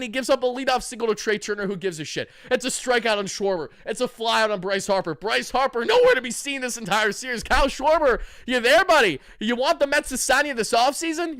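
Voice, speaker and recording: A brash, trash-talking young man giving hyped fan reaction commentary. His voice sits very high for a man and sounds bright and forceful. The recording is dry and close, with no room sound. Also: no room sound. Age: young adult. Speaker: sports channel host.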